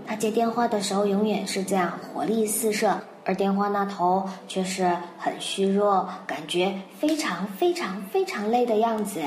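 A woman's voice: mid-range voice, normal speed, a little mellow, slight background noise. A Mandarin-native woman telling a children's story and explaining English words, patient and repeating phrases. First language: Mandarin Chinese. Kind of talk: bilingual storytelling lesson. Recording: roomy recording, faint music.

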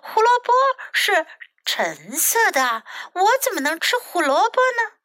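A woman's voice: high voice, lively intonation, sharp tone, no echo, exaggerated voice. A woman voicing a cranky, hungry little bird in a bilingual children's storybook reading, whiny and demanding. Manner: whiny, drawn-out complaints.

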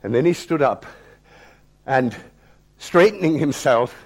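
A man's voice: medium pitch, animated, a little slow, slightly rough. A man in his sixties, a theatre director, performing a dramatic, declamatory personal story on stage. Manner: dramatic, declamatory, sweeping shifts in loudness. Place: talk-event stage.

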